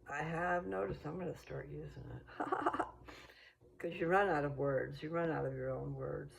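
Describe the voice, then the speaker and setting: A woman's voice: low-pitched, creaky, a little hiss or hum, rough recording. An American woman chatting casually in a meandering, think-aloud way while out walking. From United States. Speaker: vlogger. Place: outdoors on a walk.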